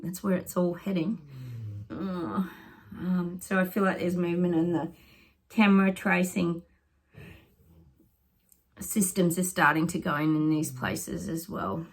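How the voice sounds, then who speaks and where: Husky-voiced woman psychic, rambling predictions. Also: fairly low pitch, steady tone, a little slow, long pauses. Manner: rambling, thinking aloud, often whispers asides.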